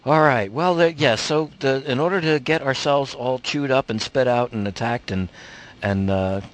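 A man's voice: medium pitch, moderate pace. A man acting as game master, chatting and joking casually over an online voice call before a tabletop game. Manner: animated, joking, trails off mid-sentence.

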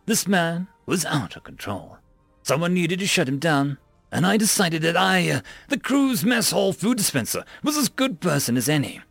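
A man's voice: a little high, creaky, a bit bright, slightly rough, no room sound. A man narrating a first-person story with dry, mock-dramatic glee.

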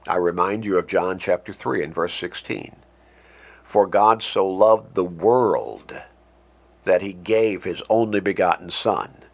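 A man preaching a sermon, slow and deliberate, stressing key words and closing in prayer. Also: low voice.

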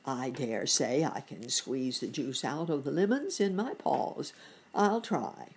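A woman voicing a kind, polite old gentleman rabbit in a children's storybook. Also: rumbling low, lively intonation, takes it slowly, husky, full character voice.

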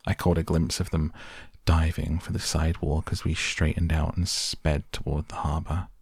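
A man narrating a story in a measured, even way, reading an audiobook. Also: a bass voice, gravelly, slightly rough, no room sound, clean studio sound.

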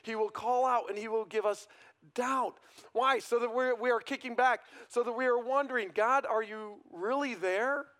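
A man's voice: very high-pitched, fairly even intonation, moderate pace, a bit bright. A man preaching a sermon in a conversational way, often checking in with "right?", his voice swelling and dropping for emphasis. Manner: conversational preaching, frequent "right?" tag questions. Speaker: pastor.

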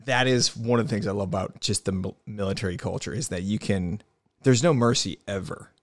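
A podcast host tells a prank story in a relaxed, joking, slightly crude way. His voice sits a bit low. The sound is dry and close to the mic. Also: fairly quick, no room sound. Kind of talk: casual chat.

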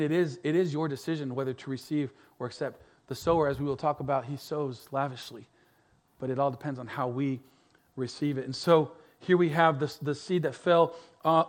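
A middle-aged male pastor delivers an earnest sermon in a medium-pitched voice. He repeats words, climbs to emphatic peaks, then drops into soft, quiet lines.

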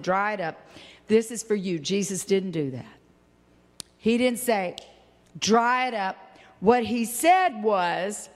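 An older woman preacher with a high voice gives a homey, animated sermon at an unhurried pace, bursting into sudden high exclamations between stretches of easy talk. A long reverb makes it sound like a big hall.

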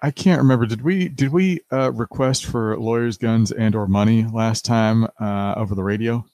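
A man's voice: medium pitch, moderate pace, dark tone, no echo. A man playing a tabletop game, asking casual questions. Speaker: player.

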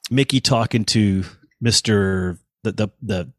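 A man in his fifties, a guest musician in a casual interview, telling animated anecdotes and acting out what people said. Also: fairly low pitch, measured pace, no room sound, studio quality. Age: 50s. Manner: animated anecdotes, acts out quoted voices. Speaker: guest musician, touring bassist.

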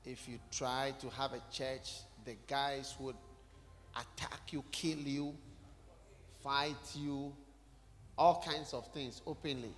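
A man's voice: medium pitch, fairly even intonation, slow pace. A man preaching a sermon, talking conversationally and putting questions directly to the congregation in a church hall.

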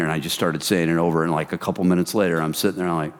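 American guy preaching, low voice, big reverby church hall, animated storytelling. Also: racing, few pauses. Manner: animated storytelling, addresses audience as you guys. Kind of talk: sermon testimony.

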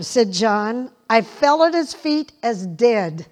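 Slow, folksy older woman preacher. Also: fairly high pitch, lively intonation, a little mellow. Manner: folksy, laughing, repeats scripture emphatically. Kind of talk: sermon.

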